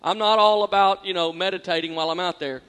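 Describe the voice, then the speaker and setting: Preacher guy, really high voice for a man, earnest, pokes fun at himself, repeats lines, big church echo. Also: steady tone, quick pace, smooth. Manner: earnest and self-deprecating, repeats phrases for emphasis, swings from quiet to loud. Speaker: pastor. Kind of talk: sermon. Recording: long echoing hall reverb.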